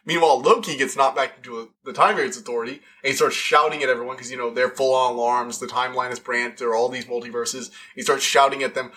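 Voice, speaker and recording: A man talking casually and excitedly as a podcast reviewer, rambling with lots of fillers and restarts. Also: mid-range voice, fast, few pauses.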